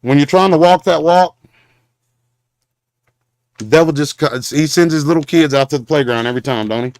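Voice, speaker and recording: Man, fairly high pitch, dry close sound, rambling confrontational rant, halting, preachy. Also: a little mellow, dry recording. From Southern Oklahoma. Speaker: show host.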